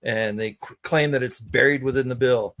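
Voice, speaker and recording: A man vlogging straight to his viewers in a loose, rambling monologue. He sounds exasperated and conspiratorial, and he keeps circling back over his own sentences. His voice sits at an ordinary middle pitch. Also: fairly even intonation, normal speed, fairly bright tone. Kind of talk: casual monologue to camera.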